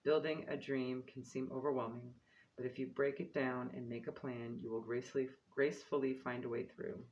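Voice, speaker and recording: A man giving a tarot-style card reading and reading guidance aloud, calm and encouraging, with casual asides and a light laugh at his own slips. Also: mid-range voice, fairly quick, lo-fi sound. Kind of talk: spiritual card reading, reading guidebook text aloud.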